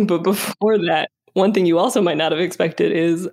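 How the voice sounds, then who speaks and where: A young woman co-hosting a podcast recaps a film in casual, playful chat full of laughter. Her voice is lowish and darkish at a moderate pace, and she laughs often and acts out characters when quoting them.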